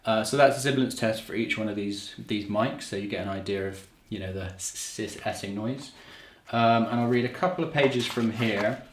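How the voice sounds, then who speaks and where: A man's voice: on the low side, normal speed. Man rambling through a gear test. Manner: rambling, self-deprecating, many fillers and restarts. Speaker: video maker testing microphones. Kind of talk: casual, unscripted equipment walkthrough. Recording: roomy, echoey indoor recording.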